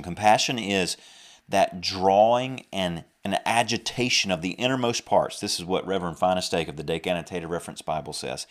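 A young man with a Southern US accent delivers a podcast sermon in a very low-pitched voice. He preaches earnestly, circling back to repeat and rephrase his points as he goes. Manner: earnest, repeats and restarts phrases, mocks drawl in asides.

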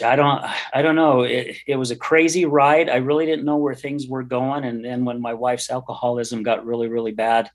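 Earnest middle-aged man sharing his story. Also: mid-range voice. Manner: earnest, heartfelt and candid. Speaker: podcast guest. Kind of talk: personal testimony in an interview.

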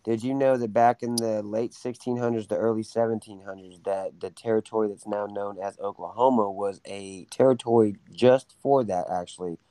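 A man in casual podcast chat, talking in a measured, wry way. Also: lowish voice, fairly even intonation, warm tone, no room sound, poor audio. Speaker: podcast co-host.

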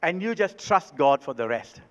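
A male pastor delivers a sermon with emphatic, repeated key lines. His voice sits high for a man. It carries long reverb from a big hall and sounds slightly dull. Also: very animated, normal speed.

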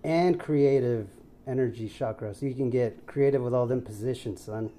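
Mellow, swearing young guy saying dude. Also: mid-range voice, normal speed. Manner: laid-back, swears a lot, says "dude". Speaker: podcast co-host. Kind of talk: casual podcast chat.

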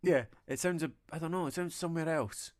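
A man's voice: on the high side, a little fast. A man with a Dundee Scottish accent, co-hosting a casual podcast chat, playful and probing. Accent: Dundonian Scottish. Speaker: co-host.

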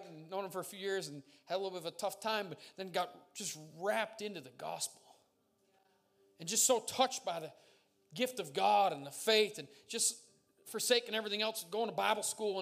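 A man's voice: fairly high pitch, fairly bright tone. A man pastor preaching a sermon, emphatic and building to fervent declarations, with jokes and laughter while he tells stories.

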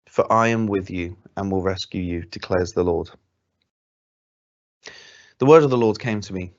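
A man reading scripture aloud in a plain, steady way, with small slips he stops to correct. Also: sits low, muffled recording. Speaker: Bible reader.

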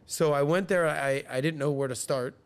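Man host, thirties, lively anecdote teller, slightly higher voice, casual podcast chat. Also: normal speed, smooth. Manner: animated, acts out quoted people in higher voices.

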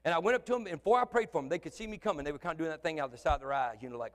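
A man preaching as the pastor of a church, in an animated style that swings from shouting to soft conversational asides. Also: fairly high pitch, very fast, hardly any pauses. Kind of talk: sermon. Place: church sanctuary. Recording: long church hall reverb.

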